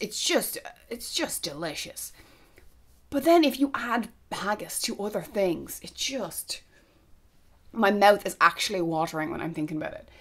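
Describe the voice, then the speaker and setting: A young Irish woman chatting casually to camera as a vlogger, gushing and now and then dropping to a whisper. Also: mid-range voice. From Ireland.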